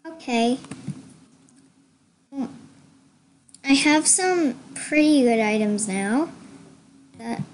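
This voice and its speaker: Excitable high-voiced young woman gamer. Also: very slow, pauses often, a little hiss or hum. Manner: excitable, chatty, gushing. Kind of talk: casual gameplay commentary.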